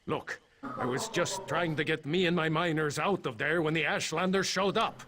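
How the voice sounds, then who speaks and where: A man's voice: on the high side, moderate pace, background noise, close to an everyday voice. An actor playing a flustered, wry mine foreman in a video game, rambling and a little sheepish. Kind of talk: game voice acting. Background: game music.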